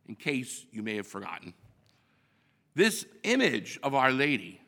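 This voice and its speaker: Priest doing mass readings n homily, slow and bright, big church echo. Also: male voice, medium pitch. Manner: measured, deliberate liturgical delivery. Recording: long church reverb.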